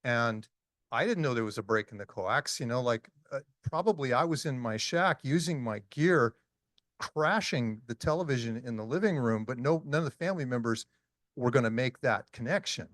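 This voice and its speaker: At a conference, a sixty-something speaker tells stories with lively intonation at a moderate pace, his middle-range voice fairly bright. He's chatty and says um and uh a lot, and the close, dry recording has no echo.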